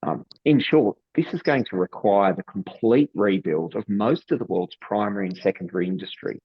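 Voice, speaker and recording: Low husky Australian man, dull audio. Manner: measured, steady delivery of prepared points. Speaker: panelist, industry economist. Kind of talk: prepared webinar remarks.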